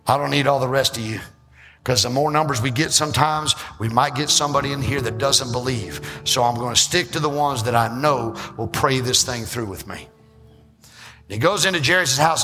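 A male pastor preaching a sermon, acting out church members and rising into shouts. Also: mid-range voice, vocal fry. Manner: acts out church members in quick asides. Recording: reverberant hall with music behind.

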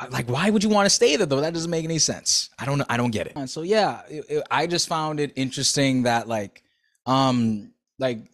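A man hosting a solo podcast, reading a Bible passage aloud and then talking it over loosely and chattily. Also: medium pitch. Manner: loose and chatty, full of "like" and "bro". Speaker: podcast host. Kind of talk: Bible reading and casual commentary.

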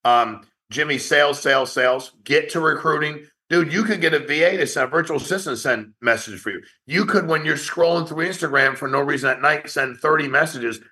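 A man who founded a company, giving a blunt, profane motivational talk to his sales agents in an online meeting, rapid-fire and challenging. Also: on the high side, sharp tone.

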